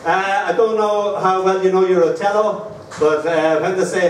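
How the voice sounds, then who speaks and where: An Irish man giving a live poetry reading, reciting slowly and measuredly, with wry anecdotes between the poems. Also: sits high, flat delivery, slight background noise. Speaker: poet. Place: live performance venue. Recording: roomy hall from far off.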